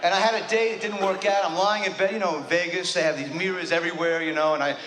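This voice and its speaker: A neurotic man from the United States does stand-up in a fast, high-pitched rush. He rambles and runs himself down, restarting his sentences again and again. The theater echoes, and a loud audience fills the recording. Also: steady tone, a crowd in the background, noisy background. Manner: neurotic, rambling, self-deprecating, many restarts. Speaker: stand-up comedian. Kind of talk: stand-up comedy monologue. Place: theater stage with a live audience.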